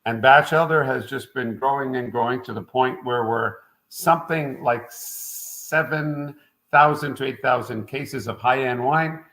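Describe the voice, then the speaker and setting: A middle-aged man from Quebec, a winemaker guest in a relaxed interview. He rambles from one anecdote to the next at an ordinary pitch and keeps the tone loose and conversational. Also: unhurried, poor audio. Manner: rambling and anecdotal, frequent "uh" fillers. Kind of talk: casual interview storytelling.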